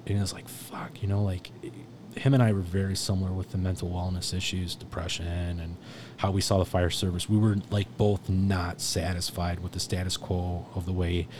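A man's voice: sits low, flat delivery, moderate pace, noisy background. A middle-aged man, a firefighter instructor, telling stories in a casual, rambling, profane way with lots of restarts. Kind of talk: casual storytelling.

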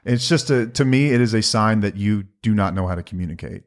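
A man with a low-pitched voice co-hosts a relaxed conversational podcast. He is middle-aged and speaks in an earnest, measured way, with a playful, teasing streak. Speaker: podcast co-host.

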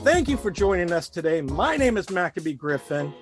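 A man's voice: high-pitched, a little fast, music in the background. A man hosting a podcast, reading a scripted intro and then chatting casually and playfully with his co-host and guest. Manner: upbeat, lively, playful.

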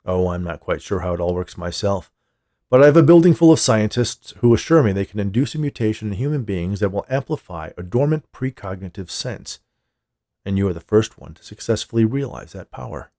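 A smug, menacing company boss, as a male narrator plays him, with a low, gravelly voice. He talks down to people smoothly and condescendingly. The sound is close and dry. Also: animated, fairly quick, mellow, no room sound.

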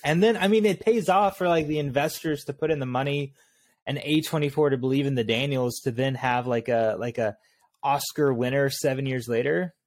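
A man co-hosting a casual movie podcast, musing aloud in a relaxed way. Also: mid-range voice, brisk. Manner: relaxed, thinking aloud with fillers. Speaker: podcast co-host.

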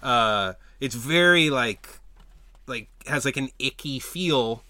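A man's voice: mid-range voice, lively intonation, takes it slowly, bright, forceful tone, no room sound. A young man co-hosting a podcast in a comic store, chatting casually and acting out what characters say. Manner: chatty, heavy use of "like", acts out quotes. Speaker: podcast co-host. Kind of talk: casual chat.

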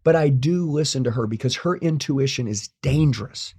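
A man's voice: mid-range voice, moderate pace, a little mellow, husky. A man speaking as an interview guest, sharing his story intensely, bluntly, and with plenty of swearing. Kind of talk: motivational interview talk.

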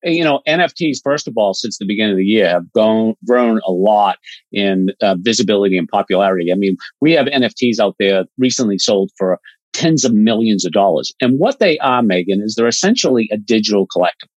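A man with a husky voice talks through a topic in loose, conversational fashion, leaning on fillers and everyday examples. The sound is dry and close, with no room around it. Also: fairly low pitch, lively intonation, a little fast, no room sound, dull audio. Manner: chatty, explains with many fillers and examples. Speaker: podcast guest, cause marketing expert. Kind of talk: casual explanatory chat.

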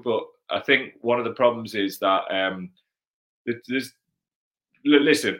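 A man's voice: fairly low pitch, fairly bright tone, low-quality recording. A man with a Geordie accent hosting a casual livestream Q&A, chatty and blunt, swearing freely as he reads out viewer comments. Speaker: livestream host.

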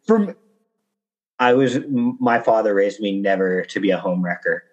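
A man's voice: on the low side, normal speed, highs cut off. A young man in casual podcast chat, telling an anecdote and acting out the people in it with raised voices. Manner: storytelling, acts out quotes in raised voices.

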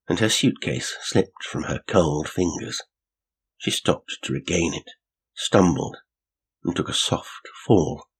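Brief: male audiobook narrator, deep, raspy, steady storytelling. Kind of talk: audiobook reading of a mystery story.

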